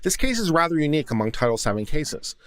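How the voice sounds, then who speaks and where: A man's voice: fairly high pitch, very animated, fast, clear, resonant tone, no echo. Dry-voiced man reading a court ruling. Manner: reads legal text aloud, then breaks in with thoughtful asides. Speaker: legal commentary host. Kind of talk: reading and commenting on a court opinion. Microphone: studio condenser mic.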